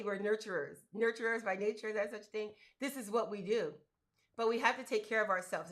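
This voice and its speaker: Chatty, emphatic woman coaching moms. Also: mid-range voice. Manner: animated, emphatic, colloquial and chatty. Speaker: host giving business grant advice. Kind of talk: motivational live-stream talk.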